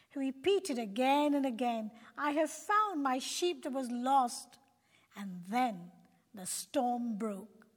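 A woman narrating a children's Bible story in an earnest, gentle preaching tone. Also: sits high. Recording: long hall reverb.

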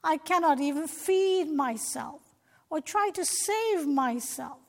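A woman's voice: high voice, expressive, takes it slowly, exaggerated voice. A woman voicing a bored, disobedient young male sheep in a plaintive, whiny tone. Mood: despairing. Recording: long reverb.

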